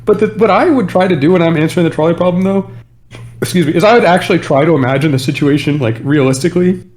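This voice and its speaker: A man's voice: fairly high pitch, fast talker, darkish tone. A man co-hosting a casual podcast, joking and thinking ideas through aloud. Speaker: podcast co-host.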